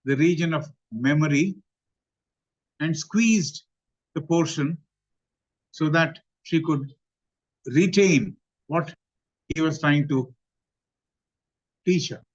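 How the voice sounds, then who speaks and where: A man with an Indian English accent gives a study-class talk, in a measured way that recaps and repeats points. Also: fairly high pitch. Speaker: lecturer on theosophy. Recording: dull lo-fi recording.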